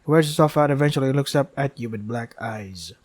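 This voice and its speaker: A man's voice: animated, quick pace. A man playing through a visual novel, reading its text aloud and muttering dry, sarcastic asides between lines, often with a sigh. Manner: sighs often, asides drop soft and low. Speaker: let's play gamer.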